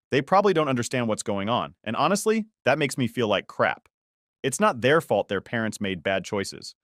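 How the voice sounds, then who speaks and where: Low-voiced man telling a story. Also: dry recording, clean studio sound. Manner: steady, conversational storytelling. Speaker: narrator. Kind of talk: scripted first-person story narration.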